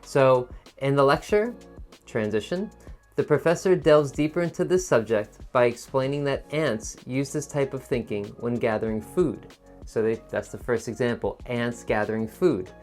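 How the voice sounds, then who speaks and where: A man's voice: medium pitch, normal speed, darkish tone, soft background music. A man teaching a test-prep lesson in a patient, encouraging teacher voice, explaining step by step. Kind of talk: instructional video lesson.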